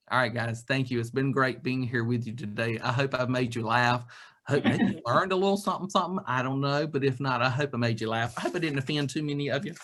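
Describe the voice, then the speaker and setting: A man speaking over a video call, giving an animated, joking leadership talk. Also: medium pitch, fast. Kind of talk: lively webinar talk.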